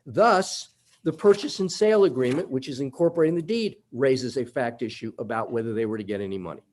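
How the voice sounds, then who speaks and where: A man's voice: medium pitch, brisk, darkish tone. A man arguing a summary judgment motion before a judge in a courtroom, methodical and emphatic as he walks through legal points. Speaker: attorney.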